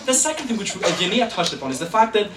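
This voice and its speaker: A young man giving a competitive debate speech in a hall, quick and sarcastic, drawing laughs from the room. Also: high-pitched, big pitch swings, a bit bright. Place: lecture hall. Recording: echoey hall, distant mic, faint room noise.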